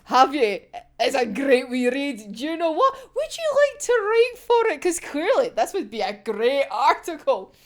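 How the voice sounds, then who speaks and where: A woman's voice: sits high, big pitch swings, normal speed. A woman voicing a smug, teasing teenage boy in a mock-formal, gloating tone.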